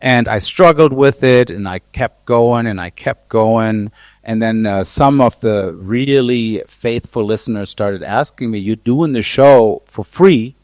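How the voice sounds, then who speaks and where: Guest role: German-born man, talkative and relaxed, low pitch, dry close sound. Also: unhurried, no echo. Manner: chatty, frequent restarts and fillers. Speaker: guest, DJ and radio host. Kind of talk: conversational interview.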